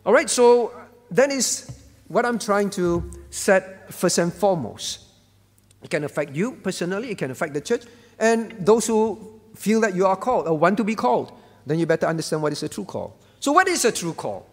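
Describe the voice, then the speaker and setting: A man's voice: high-pitched, sing-song, moderate pace, long reverb tail. A man preaching a sermon as pastor, emphatic and repetitive, asking the congregation questions. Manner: emphatic, repeats key phrases, asks the congregation questions.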